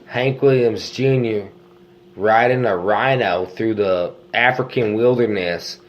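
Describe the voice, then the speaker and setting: A man spins absurd tales on a comedy podcast with an unhurried, mock-solemn sincerity. He stretches out his words and takes his time. A faint hiss sits under the recording. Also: fairly low pitch, muffled recording. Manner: slow, drawn-out mock-sincere storytelling. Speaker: podcast co-host. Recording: faint background noise.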